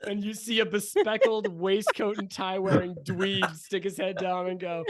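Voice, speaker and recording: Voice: medium pitch, moderate pace, hardly any pauses, no room sound. The game master narrates a tabletop game in a loose, laughing way with lots of fillers.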